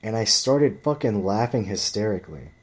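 A man's voice: fairly low pitch, expressive, normal speed, breathy edge. A man telling a story in a ranting vlog monologue, blunt and profane, often rambling and restarting his sentences. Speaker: vlogger.

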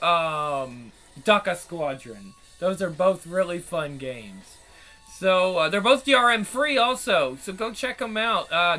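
Male channel host, high-pitched, profane rambling delivery, faint music behind. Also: bright, forceful tone, low-quality recording. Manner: rambling, profane, frequent restarts. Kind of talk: casual commentary.

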